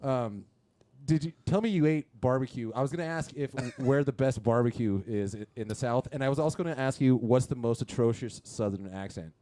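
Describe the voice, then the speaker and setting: A man's voice: medium pitch, brisk, mellow. A man hosting a podcast in casual chat, loose and profane, asking his guest questions. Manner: loose, swears freely, asks questions. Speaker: podcast host.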